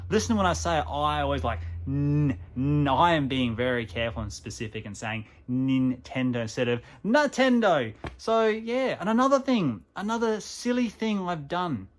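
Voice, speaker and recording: Chatty Aussie man vlogging, pitched a bit high. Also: normal speed, few pauses. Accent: Australian. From Australia. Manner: chatty, self-mocking, animated. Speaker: gaming channel host. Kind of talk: casual vlog to camera.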